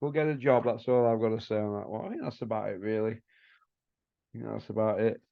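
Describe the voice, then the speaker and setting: A man's voice: fairly low pitch, brisk, vocal fry, no echo, dull audio. A man, hosting a casual show and ranting bluntly and scornfully. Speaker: host.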